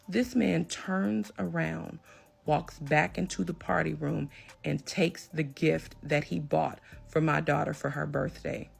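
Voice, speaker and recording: A woman telling a personal story in an emphatic, animated storytime manner. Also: low-pitched, unhurried, vocal fry, breathy edge. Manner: emphatic, animated when retelling a confrontation. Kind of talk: storytime recounting a personal drama.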